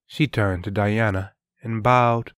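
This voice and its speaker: Guy reading a fantasy audiobook, slow and steady, low voice, dry close sound. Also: no echo. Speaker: narrator. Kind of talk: audiobook narration.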